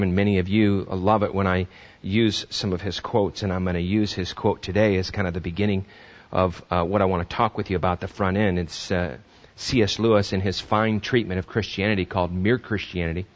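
A man preaching a sermon to a congregation, earnest and halting, with many fillers, building to emphatic questions. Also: medium pitch, highs cut off. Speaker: pastor.

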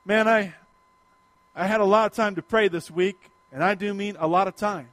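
A middle-aged man preaching a sermon in a folksy storytelling way, swinging between loud emphasis and quiet asides. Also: high voice, moderate pace, no echo. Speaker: pastor.

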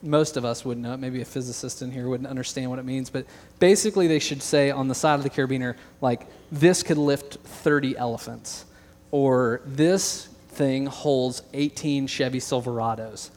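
A young male pastor delivers an earnest, emphatic sermon, stressing single words and sometimes breaking into light joking asides. His voice sits at an ordinary middle pitch. It carries a long reverb from a large church hall. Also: fairly even intonation, moderate pace, few pauses, darkish tone.

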